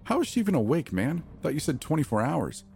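A man's voice: on the low side, sing-song, normal speed, darkish tone, soft background music. A man voicing a nervous, guilty young male accomplice who talks in a hesitant, jittery way. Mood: alarmed.

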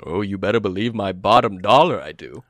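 A man's voice: on the low side, expressive, brisk, fairly bright tone, no room sound. Man putting on a regal goblin tattooist. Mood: haughty. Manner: snooty, mocking, formal. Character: regal male goblin tattoo artist, haughty.

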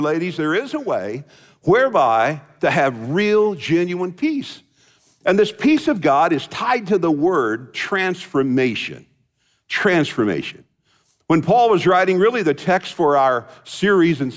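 An older male pastor delivers a sermon in a church sanctuary. His voice sits a bit high for a man, and he preaches in a folksy, joking storytelling manner. The sound carries a long reverb from the large hall. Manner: folksy storytelling with jokes and asides.

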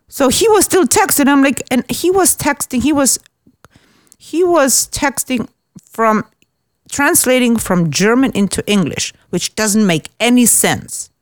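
A woman's voice: fairly high pitch, a little slow, no room sound. Woman, from Austria, casual storyteller, blunt and profane, dry studio sound. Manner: blunt, swears freely, animated storytelling. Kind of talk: casual chat.

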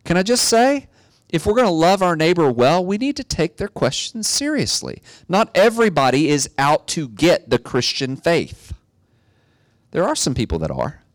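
A middle-aged man preaching a sermon, telling a story in a relaxed way and building to emphatic exhortation. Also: on the high side, normal speed, dry recording. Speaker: pastor.

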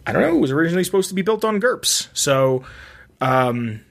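A man's voice: on the high side, sing-song, brisk, vocal fry. A young man chatting casually as a podcast co-host, rambling with lots of "like" and restarts. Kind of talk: casual chat.

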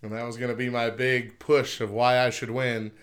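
A man's voice: mid-range voice, little pitch movement, normal speed, a bit bright, smooth. A man co-hosting a casual podcast chat, laughing often and reading passages aloud. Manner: chatty, laughs often, reads quotes aloud. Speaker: podcast co-host.

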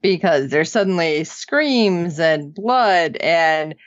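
A woman co-hosting a casual TV recap, animated, acting out characters' lines in funny voices. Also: lowish voice, slow pace, no echo, highs cut off. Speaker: podcast co-host.

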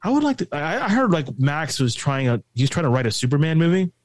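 A man's voice: a little high, big pitch swings, quick pace, no echo. A man in casual movie chat who talks bluntly and swears freely.

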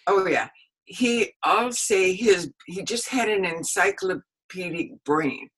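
A woman's voice: on the low side, lively intonation, slow, slightly rough, poor audio. An older woman, a historian and author, recalling stories in a rambling, anecdotal interview with frequent laughter. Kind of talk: casual spoken recollection.

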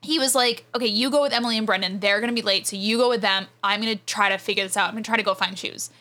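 A young woman telling a story in a casual chat, with animated delivery and many "like" fillers. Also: medium pitch. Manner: animated, fast, frequent "like" fillers, laughing as she tells it.

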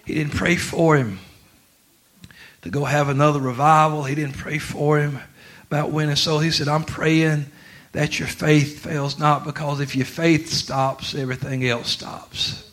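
A preacher man with a drawl and a bright, forceful voice set a little high. He moves from low, confiding talk to loud, laughing shouts. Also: steady tone, moderate pace. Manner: swings from quiet to shouting, laughing through lines. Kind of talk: sermon.

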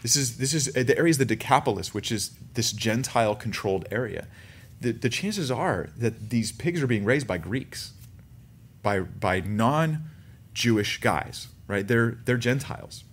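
A man preaching a sermon in a conversational teaching style, with animated asides. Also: medium pitch, unhurried, husky. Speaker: pastor.

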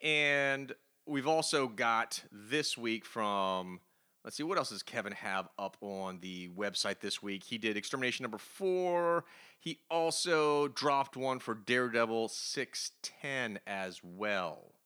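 A man's voice: medium pitch, slow pace, sharp tone, smooth. A man hosting a casual comics news podcast, upbeat and chatty, laughing often. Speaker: podcast host.

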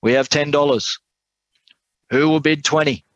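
A man's voice: a little high, steady tone, measured pace, dry recording, dull audio, pitched above the performer's own voice, close to an everyday voice. A man voicing a persistent male auctioneer who keeps repeating his call for bids. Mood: insistent.

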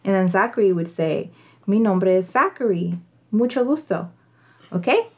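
A mother chatting and teaching on a family podcast, her voice sitting at an ordinary mid pitch. She speaks patiently and encouragingly, guiding the children step by step. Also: expressive, normal speed, slightly rough. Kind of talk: casual family chat and teaching.

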